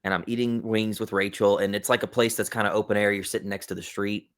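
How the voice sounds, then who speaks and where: A man, a podcast guest, telling a funny story in a relaxed, chatty way, with plenty of "like" and "uh". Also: lowish voice, fast. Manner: relaxed, chatty, with lots of fillers like "like" and "uh". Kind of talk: casual storytelling.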